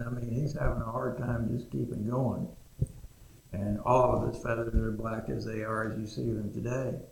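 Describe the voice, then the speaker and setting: A man's voice: fairly low pitch, vocal fry, background noise. A man telling an old animal folktale in a folksy, rambling way, recorded in an echoey room. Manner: folksy, rambling, frequent "you know". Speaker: storyteller.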